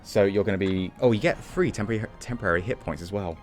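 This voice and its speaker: Brief: deep male player, unhurried, halting, music faint behind. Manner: relaxed, hesitant, many fillers. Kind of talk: casual tabletop play.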